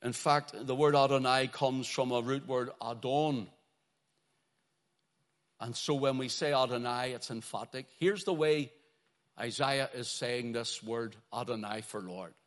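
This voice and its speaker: A man preaching a sermon, swinging between loud, drawn-out exclamations and hushed, dropping phrases as he stresses key words. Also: medium pitch.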